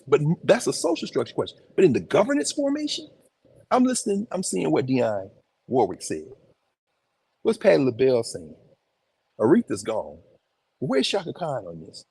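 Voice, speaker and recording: A man giving an informal, animated lecture on location in a museum, talking conversationally with emphatic asides. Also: mid-range voice, normal speed, creaky, pauses often, breathy edge, no echo. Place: museum, indoors.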